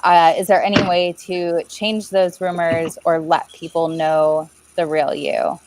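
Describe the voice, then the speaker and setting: A woman hosting a webinar over a video call, affirming answers and reading out audience questions in a measured way. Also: lowish voice, level tone, heavy background noise. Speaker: webinar host. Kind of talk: moderating a webinar.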